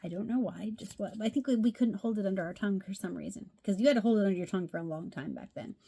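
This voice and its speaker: A woman's voice: medium pitch, racing, warm tone, breathy edge. A middle-aged woman chatting casually as she shows off craft cards, gushing and repeating how much she loves each one. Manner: gushing, chatty, says "love" a lot. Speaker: craft video host. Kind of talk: casual show-and-tell chat.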